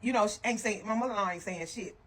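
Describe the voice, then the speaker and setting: A woman telling a story to her viewers in a casual, animated and blunt way, heavy on profanity, with frequent asides to her listeners. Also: mid-range voice, quick pace.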